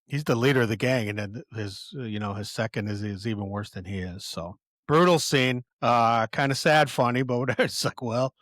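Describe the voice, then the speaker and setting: A man's voice: medium pitch, fairly quick, a bit bright, no room sound, studio quality. A man hosting a podcast in a casual film commentary, rambling with many restarts and chuckles. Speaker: podcast host.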